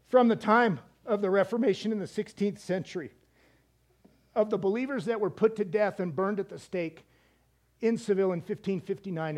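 A man preaching a sermon as a missionary, conversational and emphatic, often repeating words and restarting. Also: high-pitched.

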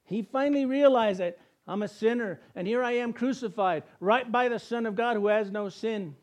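A male preacher delivering a sermon in a notably high voice for a man. He builds his points through repeated phrases. He pushes his voice into sudden loud, emphatic bursts. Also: normal speed.

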